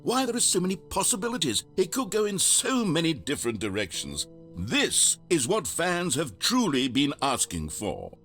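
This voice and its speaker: A man's voice: on the high side, huge pitch swings, normal speed, a bit bright, breathy edge, soft background music, full character voice. A man voicing a pompous, self-satisfied game narrator who makes lofty, grand announcements.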